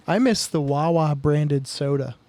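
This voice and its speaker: A man co-hosting a podcast, chatting casually and tossing in quick remarks and drum gear details. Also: a little high, mellow, a little hiss or hum. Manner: quick interjections, gearhead detail on drums. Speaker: podcast co-host. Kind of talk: casual chat.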